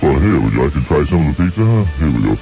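Greedy toe monster, rumbling low, gravelly, radio comedy bit, faint music behind. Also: male voice, very animated, fast talker, dark tone, muffled recording, heavily acted. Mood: taunting. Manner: demanding, greedy, smacking over food. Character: gluttonous male toe monster under the bed.

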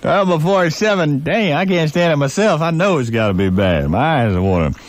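A man's voice: on the high side, expressive, fairly quick, no echo. A man hosting a comedy radio show from a studio microphone, joking and teasing. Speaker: radio host.

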